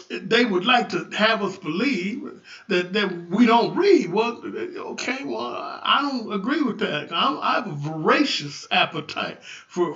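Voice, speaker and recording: A man giving a rambling spiritual talk on a livestream, stumbling over restarts and building to loud preaching. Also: sits high. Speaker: livestream host. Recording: echoey room, distant dull lo-fi mic.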